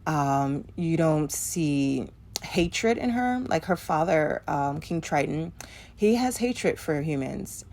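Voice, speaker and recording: Low, slow-talking woman reviewing a movie. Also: expressive, darkish tone. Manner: hesitant, many ums and restarts. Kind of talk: casual spoken review.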